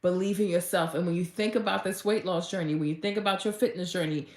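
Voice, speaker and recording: A woman fitness vlogger talking casually and gushing with excitement, full of "like" fillers. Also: lowish voice, fast talker, reverberant. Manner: gushing and chatty, heavy use of "like", and bursts of excitement. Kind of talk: casual motivational vlog talk.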